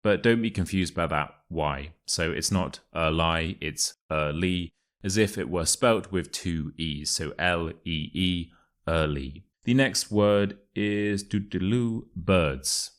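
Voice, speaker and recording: A young man with a Modern RP English accent teaching pronunciation, reading passages slowly and clearly, then chatting casually between them. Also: deep voice. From England. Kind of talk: pronunciation lesson with read-aloud passages.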